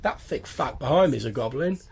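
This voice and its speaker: A man's voice: medium pitch, lively intonation, brisk, vocal fry, over a noisy crowd. A man voicing a sly male goblin fruit picker who talks down to people as if to a child. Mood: condescending. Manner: condescending, as if explaining to a child.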